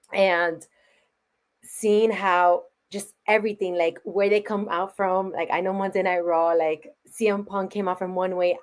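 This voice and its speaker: A woman with a slightly low voice answers interview questions with eager energy. She chats loosely, laughs often and sprinkles "like" through her sentences. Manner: enthusiastic, laughs often, fills with "like". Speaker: interview guest, wrestling fan. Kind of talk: casual interview chat.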